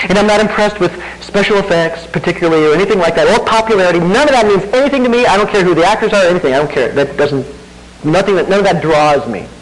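A man pastor gives a sermon in a relaxed, talky way, tossing rhetorical questions to his listeners. His voice sits fairly high and swings up and down a lot. A faint hum runs underneath. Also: poor audio. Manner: conversational preaching with rhetorical questions and self-deprecating laughs.

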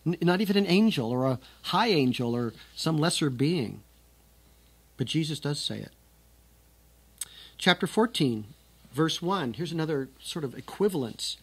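A man's voice: fairly high pitch, expressive, moderate pace, long pauses, breathy edge. A man teaching scripture, reading the verses aloud with strong emphasis and then explaining them in a conversational way. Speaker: Bible teacher.

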